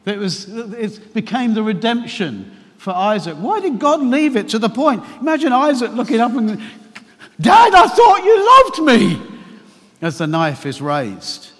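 A man preaching a sermon to his church, telling a personal story with animated, emphatic questions. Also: high-pitched, moderate pace. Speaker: pastor. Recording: long hall reverb.

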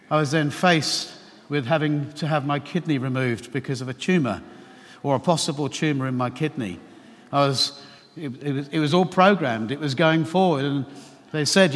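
A man preaching a sermon to his church, telling a personal story with animated, emphatic questions. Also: fairly high pitch. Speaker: pastor. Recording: long hall reverb.

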